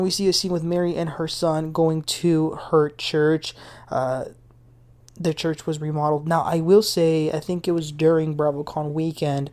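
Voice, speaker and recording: Woman, deep voice, casual reality TV recap host, chatty, opinionated. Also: warm tone. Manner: chatty, retells scenes with opinions and asides.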